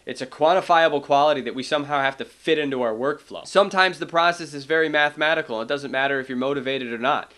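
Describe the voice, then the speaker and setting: A man's voice: on the high side, fast, few pauses, fairly bright tone. A man, an independent animator, talking casually and explaining his process into a cheap desk microphone at home. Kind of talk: casual vlog talk.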